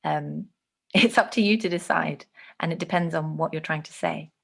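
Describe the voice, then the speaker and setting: A woman teaching an online lesson on speech delivery, clearly demonstrating phrases with changing intonation. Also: sits low, normal speed, fairly bright tone.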